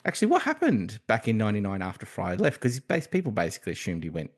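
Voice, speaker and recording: A man's voice: lowish voice, huge pitch swings, quick pace, breathy edge. A man co-hosting a podcast, talking in casual chat with many restarts and fillers. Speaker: podcast co-host.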